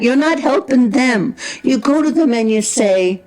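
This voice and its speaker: A woman with a New York accent, a returning guest on a talk show, scolding her husband forcefully and then gushing. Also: a little high, expressive, measured pace, poor audio. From Brooklyn, New York. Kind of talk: heated on-air couple argument.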